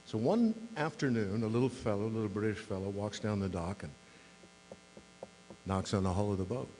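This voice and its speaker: A man's voice: fairly low pitch, a little fast, mellow. A man in his sixties who is a mayor, giving a humorous speech to a club with dry, self-deprecating storytelling on a podium microphone. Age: 60s. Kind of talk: humorous after-dinner speech. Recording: long hall reverb, faint mains hum.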